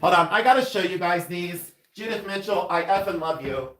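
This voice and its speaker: Man, somewhat high voice, effusive, chatty, laughs a lot, casual livestream from a jewelry studio. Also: animated, normal speed, fairly bright tone, a little hiss or hum. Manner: effusive, chatty, laughs often, keeps thanking viewers. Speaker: silversmith livestream host. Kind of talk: casual livestream chat with viewers.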